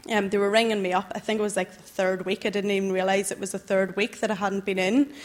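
A young woman tells her personal testimony to a church gathering. She speaks earnestly and a little haltingly, with the weight of emotion running through her words, in a voice that sits at a middling pitch. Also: little pitch movement. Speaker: church member giving testimony.

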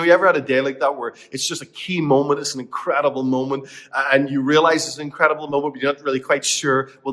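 Earnest male pastor, hushed to emphatic. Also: fairly high pitch. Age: middle-aged. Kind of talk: sermon.

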